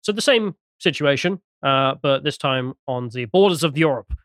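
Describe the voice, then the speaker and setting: A man co-hosting a political podcast, presenting a news item in a quick, sardonic way and reading out posts with asides. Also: medium pitch, expressive, fairly bright tone, no echo, studio quality. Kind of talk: casual political podcast chat.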